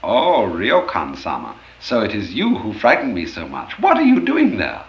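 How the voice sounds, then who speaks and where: Startled housemaid, read by a man, low voice climbing in surprise, echoey lo-fi room. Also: huge pitch swings, normal speed. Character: startled housemaid, woman, polite. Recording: roomy, dull old lecture recording.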